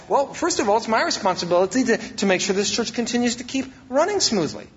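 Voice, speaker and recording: A man's voice: extremely high pitch, big pitch swings, fast talker, hardly any pauses, highs cut off. A male pastor preaching a sermon, emphatic and repeating his key phrases.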